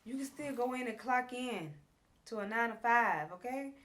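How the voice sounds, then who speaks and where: A woman's voice: a little high, lively intonation, moderate pace, fairly bright tone. A woman hosting a casual recap show, chatty and slangy, acting out what the cast said. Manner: chatty, slangy, retells scenes by acting out the cast's lines.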